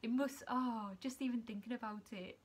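A young woman, a student nurse chatting casually to her vlog camera, emotional and quick to laugh. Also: a little high, steady tone, husky. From England. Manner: emotional, chatty, laughs often, near tears.

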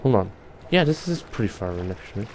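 A man's voice: fairly low pitch, sing-song, fast, slight background noise. A young man playing a horror game and commenting to viewers, jumpy and swearing often. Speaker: gaming youtuber. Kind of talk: let's play commentary.

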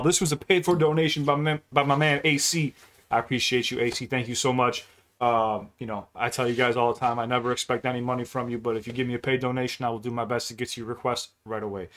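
A man's voice: medium pitch, fairly bright tone. A man giving casual, unscripted reaction commentary on a rap video, swearing freely, hyping his viewers and stopping to explain the lines. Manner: jumps in to pause and explain the rap. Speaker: music reaction YouTuber.

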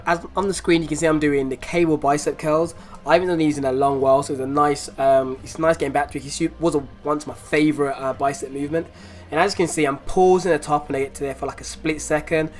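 Chatty young guy vlogging. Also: fairly high pitch. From England. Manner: chatty, upbeat, rambling with fillers; relaxed voice-over explaining exercises. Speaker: fitness vlogger. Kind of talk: casual vlog chat. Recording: music playing under the voice.

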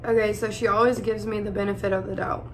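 A young woman speaking in an emotional personal vlog, close to tears, pausing often and calling her viewers y'all. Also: mid-range voice, little pitch movement, a little hiss or hum. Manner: tearful, holding back crying, pausing often. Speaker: vlogger.

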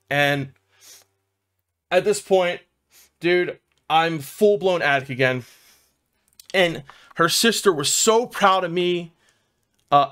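A profane, rambling guy from South Philadelphia, USA, with a slightly bright voice on the high side, is a vlogger telling his own recovery story. It's casual personal storytelling packed with "man" and "dude" as fillers.

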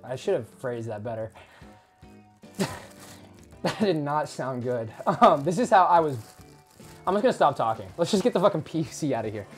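High-voiced joking male streamer. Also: big pitch swings, moderate pace, long pauses. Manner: rambling, joking, swears casually. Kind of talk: casual livestream chat. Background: faint background music.

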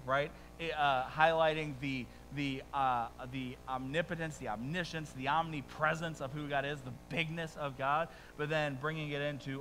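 A middle-aged pastor preaches in a casual, joking way, dropping rhetorical asides to the congregation. His voice sits a little high and comes across bright and forceful. A faint hum sits in the background. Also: fairly even intonation, normal speed, hardly any pauses, long reverb tail, rough recording. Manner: conversational, humorous storytelling with frequent rhetorical asides. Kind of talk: sermon.

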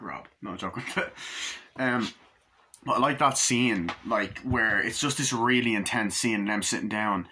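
Bright-voiced excitable young man. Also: on the low side, slight background noise. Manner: excitable, profane, jokey, acts out scenes. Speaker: movie reviewer. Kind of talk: casual vlog review.

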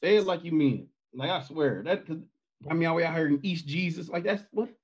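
A man guesting on his sister's podcast who tells rambling, animated stories and laughs as he talks. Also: a little high, fast, breathy edge, muffled recording. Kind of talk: casual storytelling.

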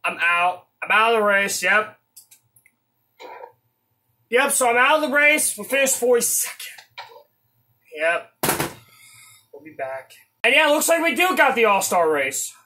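A man giving casual commentary while playing a racing game, excitable and swearing at setbacks. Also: high-pitched, a little slow, pauses often, slight background noise. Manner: excitable, swears when frustrated, shouts at setbacks.

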